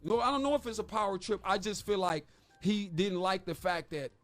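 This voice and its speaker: A man's voice: high voice, fairly quick, fairly bright tone, faint music behind. A man co-hosting a morning radio talk show, arguing his point with emphatic rhetorical questions. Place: radio studio.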